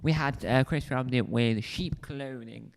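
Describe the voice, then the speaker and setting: A man's voice: medium pitch, a little slow, vocal fry. A man hosting a casual solo review, rambling and correcting himself often, seated at a desk mic. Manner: rambling, self-correcting, chatty. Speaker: show reviewer, video host. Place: indoors, seated on a squeaky spinny chair. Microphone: desk mic close to the face.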